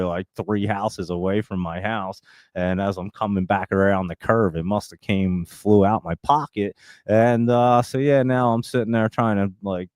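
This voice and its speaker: A man's voice: lowish voice, darkish tone, dry recording, clean studio sound. A middle-aged man hosting a live show, telling a long story casually, laughing often and swearing freely. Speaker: host of a live stock show.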